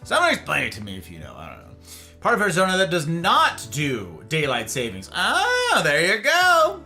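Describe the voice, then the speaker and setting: Man, livestream host, casual chat, lively swooping pitch, bright forceful tone. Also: brisk, soft background music. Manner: animated and playful, greeting chatters by name.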